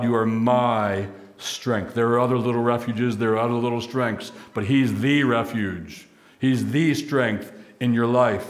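A man preaching a sermon as pastor, emphatic, stacking repeated phrases and slowing for key lines. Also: medium pitch.

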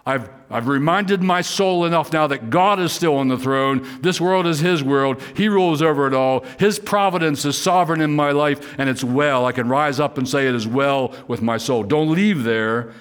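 A man's voice: fairly high pitch, moderate pace, few pauses, smooth. A man preaching a sermon in an earnest way, rising to fervent pleas when voicing prayers and often repeating words as he goes. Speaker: pastor.

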